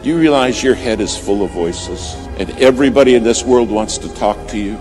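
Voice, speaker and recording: A man preaching a storytelling sermon at a church service, swinging from urgent, loud appeals to hushed, near-whispered lines. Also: mid-range voice, normal speed, music in the background.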